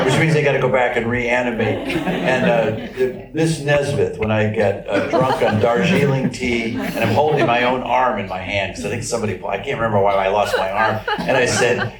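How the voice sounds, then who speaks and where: A man's voice: fairly low pitch, normal speed, a crowd in the background. A man in his sixties on a press panel, answering questions with wry, self-mocking jokes and frequent laughs. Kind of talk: joking press conference answers. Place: large echoey press room. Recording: echoey room, distant mic.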